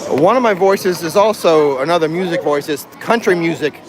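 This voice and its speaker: A man's voice: a little high, normal speed. A man hosting a casual livestream while walking through an outdoor theme park, joking playfully with his viewers into a handheld phone. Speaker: livestream host. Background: faint music and crowd.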